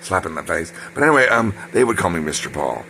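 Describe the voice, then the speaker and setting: A man's voice: low voice, very animated, fast talker, gravelly, bright, forceful tone, a little hiss or hum. A man telling a personal story in a casual, rambling way, full of fillers and side remarks. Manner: rambling, digressive, many fillers and asides.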